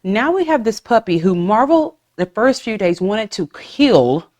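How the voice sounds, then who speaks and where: Animated woman podcast host. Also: mid-range voice, a little slow. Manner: animated storytelling with voiced asides and profanity. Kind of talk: casual chat.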